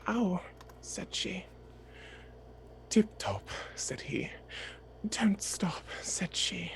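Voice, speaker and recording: Slow, lilting player voice reading poetry. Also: medium pitch, creaky. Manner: slow and expressive, whispering some lines. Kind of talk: ASMR tabletop game and slow poetry reading.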